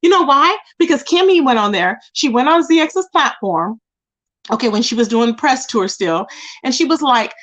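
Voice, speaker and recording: A woman hosting a live stream gossips casually with her chat, with a high voice that swings widely in pitch. She talks in a mocking, animated way and keeps calling out to the viewers. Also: moderate pace, highs cut off.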